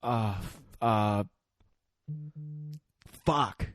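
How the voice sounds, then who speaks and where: A man's voice: lowish voice, very slow, a bit bright, no echo, soft background music. A man co-hosting a podcast, chatting casually with laid-back joking asides. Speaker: podcast co-host. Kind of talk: casual chat.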